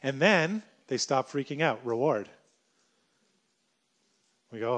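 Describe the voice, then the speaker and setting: A man preaching a sermon in an animated way, acting out everyday scenes as he talks. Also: medium pitch, takes it slowly.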